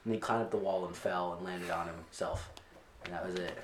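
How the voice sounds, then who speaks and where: A man born in Britain co-hosting a podcast in casual chat, telling stories in an animated way and laughing often. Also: deep voice, fairly quick. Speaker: podcast co-host. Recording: echoey room with crowd noise.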